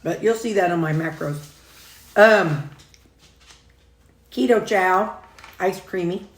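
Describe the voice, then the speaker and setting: A woman's voice: on the low side, takes it slowly. A woman, chatting casually as a food vlogger while she eats, in a folksy, rambling way with frequent chuckles. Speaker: food and weight-loss vlogger. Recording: echoey room.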